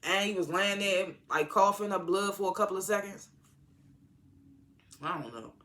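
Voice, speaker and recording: A TV episode reviewer in a casual recap, rambling and halting with lots of fillers and exasperated asides. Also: medium pitch, pushed and bright.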